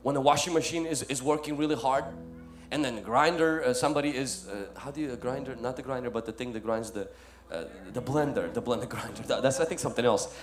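A male pastor preaching a sermon, swinging from loud emphatic lines to soft ones and calling listeners "my friend". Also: medium pitch, quick pace, music in the background.

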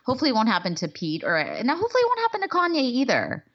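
A woman co-hosting a podcast in loose, casual chat, her pitch swinging widely from low to high. She restarts her sentences and swears now and then. The recording sounds dull and lo-fi. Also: wildly swooping pitch, very fast, breathy edge. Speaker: podcast co-host.

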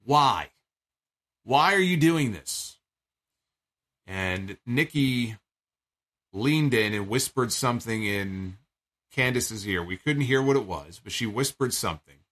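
A man's voice: medium pitch, lively intonation, slow pace, pauses often, a bit bright. A man hosting a wrestling talk show, reading an ad and recapping events in a chatty, wry way. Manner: chatty, wry, with fillers and asides. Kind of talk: casual recap and ad read.

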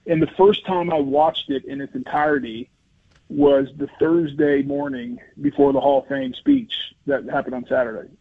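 Earnest, animated man on a phone-line radio interview. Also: on the high side, normal speed, creaky, no echo. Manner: earnest, animated storyteller with many restarts. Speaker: interview guest, former football lineman. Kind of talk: conversational interview storytelling.

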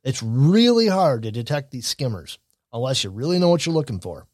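A man's voice: medium pitch, sing-song, a little fast, a little mellow, no room sound, studio quality. Blunt, opinionated man. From Michigan. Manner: blunt, opinionated, rambling with restarts. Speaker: commentary show host. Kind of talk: casual news and political commentary.

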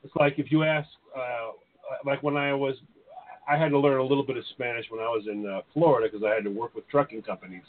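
A man's voice: mid-range voice, fairly even intonation, quick pace. A man chatting on a podcast, rambling and often repeating words as he explains things, with some swearing. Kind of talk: casual podcast chat. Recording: tinny phone-like audio.

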